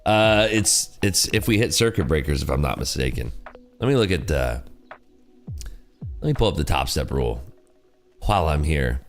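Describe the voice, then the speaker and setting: Deep-voiced man in lively, rambling chat. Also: normal speed, long pauses, soft background music. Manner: rambling and chatty, full of "like" and "you know". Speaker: day-trading livestream host. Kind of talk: casual livestream commentary.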